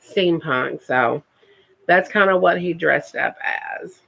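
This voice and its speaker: A woman's voice: on the low side, slow, gravelly, a bit bright, slightly rough, low-quality recording. A woman, chatting casually on her first live stream and repeating words for emphasis.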